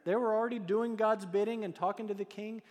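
A man's voice: high-pitched, fairly even intonation, fast, a little mellow. A male pastor preaching a conversational, storytelling sermon full of rhetorical questions, in a church sanctuary. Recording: long reverb of a large hall.

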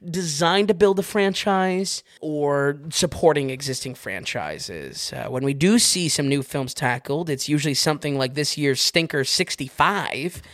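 A man with a fairly high speaking voice, talking films on a casual podcast. He is wry and breaks into laughter as he tells stories. The sound is dry and close, with no room around it. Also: animated, unhurried, few pauses, a bit bright, no echo. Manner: wry, laughs often while telling stories. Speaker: film reviewer, podcast co-host. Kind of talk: casual podcast review chat.

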